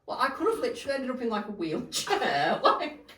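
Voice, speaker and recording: A woman's voice: fairly high pitch, very animated, fairly quick, fairly bright tone, distant mic. A young woman, co-hosting a podcast, rambling and laughing through a story told in casual chat. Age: young adult. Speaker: podcast co-host. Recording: echoey room, away from the mic.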